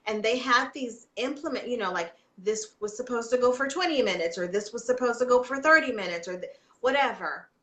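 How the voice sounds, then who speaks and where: Podcast guest, woman, bright chatty storyteller, roomy echo on the mic. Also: fairly high pitch, a little fast. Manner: chatty storytelling, frequent fillers and restarts. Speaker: guest, homeschooling mother. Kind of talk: casual interview chat.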